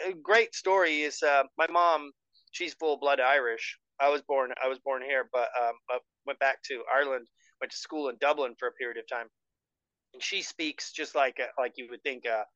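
A man talking as a podcast guest, telling stories in an animated way with laughs. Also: mid-range voice, no room sound, highs cut off. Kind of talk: casual chat.

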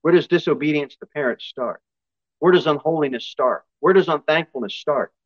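A male pastor preaching a sermon, his voice jumping high and loud for emphasis before dropping back low. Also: moderate pace, no room sound, dull audio. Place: church.

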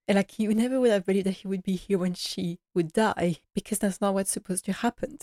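A woman's voice: medium pitch, brisk, hardly any pauses, mellow, dry recording, studio quality. A woman giving a casual episode recap in an earnest, emotional way, often saying "like" as she goes. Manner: earnest, emotional, many filler likes. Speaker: TV series recap vlogger.

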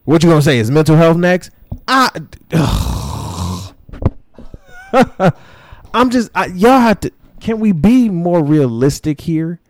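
A man hosting an opinion podcast, ranting in an animated, profane way full of slang and mocking asides. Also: high-pitched, a little slow, dry recording. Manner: mocks others in put-on voices. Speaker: podcast host.

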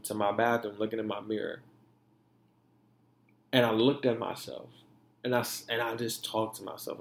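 A young man hosting a podcast, speaking candidly and emphatically, often profane, acting out the way he talks to himself. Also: mid-range voice. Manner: candid and emphatic, profane, mimicking his own inner talk. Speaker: podcast host. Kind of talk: candid monologue. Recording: echoey room.

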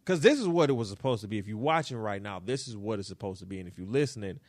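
Fairly low in pitch yet lively in intonation, this fast-talking New Yorker hosts a basketball talk show. He rants emphatically and repeats lines for effect, his darkish voice captured close in a small room with no room sound.

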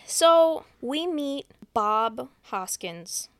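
A woman on a podcast recaps a film scene by scene in a casual, swearing, deadpan way. Her voice sits somewhat high, and the sound is close and dry with no room echo. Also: very slow, smooth. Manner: profane, deadpan plot retelling. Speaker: podcast host. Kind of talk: casual movie recap chat.

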